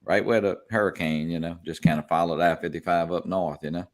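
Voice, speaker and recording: This is a laid-back man from South Louisiana, hosting a relaxed chat with friends. His voice sits very low. He tells stories in an easygoing, chatty way and often breaks into a laugh. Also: brisk. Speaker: host of a live drone chat. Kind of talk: casual chat.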